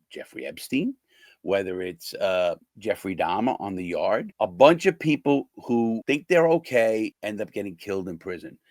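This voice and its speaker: A man's voice: on the low side, no room sound. An older man, a former prisoner, talking bluntly and casually to his viewers, swearing and acting out the people he quotes.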